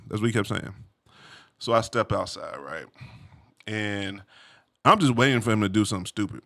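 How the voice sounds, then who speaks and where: A man casually telling a personal story, animated, full of slang and "you feel me" asides. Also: fairly low pitch, moderate pace, gravelly, long pauses.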